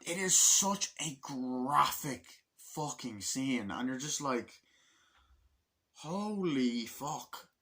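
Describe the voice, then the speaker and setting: Excitable swearing male movie reviewer. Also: mid-range voice, slow, few pauses. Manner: acts out scenes in raised voices.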